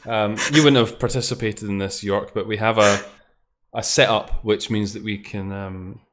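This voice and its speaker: A man's voice: fairly low pitch, fairly even intonation, normal speed, a bit bright, a little hiss or hum. Chatty male streamer, laughing and swearing. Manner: laughing, swearing, talking to himself. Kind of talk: casual game commentary.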